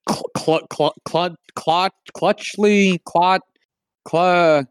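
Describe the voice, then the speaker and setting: A person co-hosting a casual film chat, talking in an animated, incredulous, profane way. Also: mid-range voice, very slow, smooth, no room sound, studio quality.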